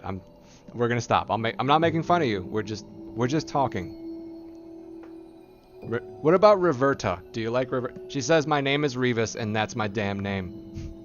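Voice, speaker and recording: A man's voice: mid-range voice, animated, moderate pace, dull audio, over music. A man streaming a game live, playfully teasing his companion and relaying her replies aloud, laughing often.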